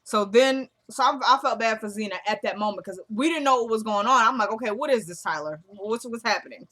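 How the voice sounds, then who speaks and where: Woman doing a tv recap, kinda high voice, acts out everybody's lines, aave flavor. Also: brisk, sharp tone. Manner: retells scenes by acting out the characters' lines. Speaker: TV recap vlogger. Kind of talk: casual episode recap.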